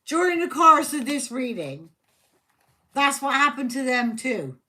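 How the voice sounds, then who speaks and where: A woman's voice: high-pitched, very animated, unhurried, sharp tone. A woman giving a live tarot reading, heated and fiercely protective of her viewer, swearing constantly. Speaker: tarot reader.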